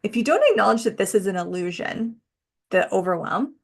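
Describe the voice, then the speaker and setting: A woman hosting a self-help podcast, talking reflectively in a casual, musing way, often slowing down and drawing out words. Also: medium pitch, lively intonation, creaky, husky. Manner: musing, conversational, uses "like" a lot. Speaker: podcast host and energy coach.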